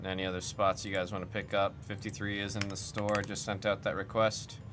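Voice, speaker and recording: A man's voice: fairly low pitch, little pitch movement, brisk, over music. A man hosting a trading card break livestream, chatting casually and reading off lists as he works his computer. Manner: chatty, reads off lists while working the computer.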